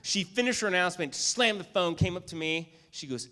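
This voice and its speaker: A man giving a motivational keynote speech, telling a story with lively acted-out lines and asking the audience "okay?" and "right?" again and again. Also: high-pitched, fast. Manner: animated storyteller, acts out lines, asks "okay?" and "right?" often. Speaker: keynote speaker and magician.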